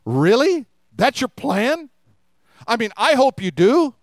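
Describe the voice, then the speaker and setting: High-voiced joking male pastor. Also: sing-song, slow, dry recording, studio quality. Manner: humorous, acts out quoted voices. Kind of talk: sermon.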